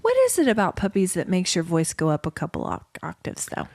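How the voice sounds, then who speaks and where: A woman's voice: fairly low pitch, huge pitch swings, a little fast, creaky, dry recording, clean studio sound. A woman co-hosting a podcast, sharing family news in a casual, easygoing way. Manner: warm storytelling, laughs easily. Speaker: podcast co-host. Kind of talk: casual chat.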